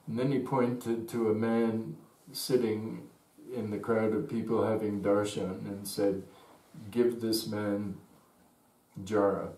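A man telling a personal story as a slow, thoughtful reminiscence. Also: fairly low pitch, flat delivery, dark tone. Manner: unhurried, thoughtful. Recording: roomy echo, distant mic.

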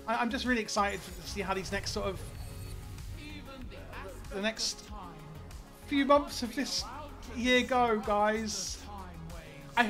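A man live-streaming a game, chatting casually with viewers in an excitable, rambling way, often stammering and repeating words. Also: sits high, normal speed, long pauses, soft background music.

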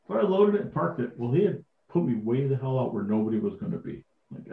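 A man guest on a podcast, telling lively anecdotes and acting out the people in them. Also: a little high, fast talker, echoey room, narrow, tinny audio. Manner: animated anecdote-telling with quoted dialogue. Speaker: podcast guest, tractor collector. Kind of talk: casual storytelling.

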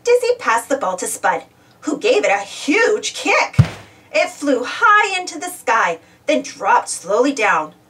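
Lively woman reading a kids' storybook. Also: sits high, a little slow, far from the mic, slight background noise. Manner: expressive, animated. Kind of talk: children's storybook read-aloud.

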